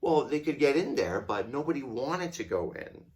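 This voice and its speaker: A man, a tour guide, telling a story to his children at home in a playful, animated way. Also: medium pitch, moderate pace. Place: home during lockdown.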